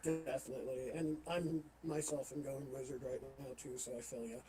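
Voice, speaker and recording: A man talking as a podcast guest in casual chat, halting, with many fillers and restarts. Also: mid-range voice, little pitch movement, mellow, slight background noise, rough recording. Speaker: interview guest, LARP player.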